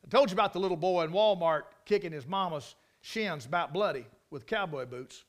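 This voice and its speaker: High-voiced preacher telling folksy stories. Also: male voice, brisk. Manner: folksy, emphatic, repeats key phrases. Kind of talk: storytelling sermon.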